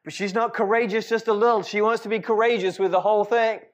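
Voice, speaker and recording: A man preaching a sermon as a lively storyteller, with frequent laughs and rhetorical asides. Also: high-pitched, quick pace, dull audio. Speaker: pastor.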